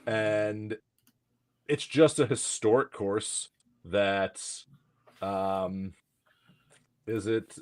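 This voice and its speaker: Man, lowish voice, argumentative sports talk, dry sound. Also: fairly even intonation, extremely slow, long pauses, no room sound. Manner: argumentative, makes his case in points. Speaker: podcast co-host. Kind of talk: casual sports chat.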